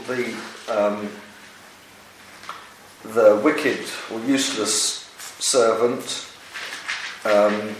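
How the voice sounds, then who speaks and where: A man leading a Bible study discussion, speaking in a measured, earnest way with frequent pauses. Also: medium pitch. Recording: echoey room, distant mic, faint hiss.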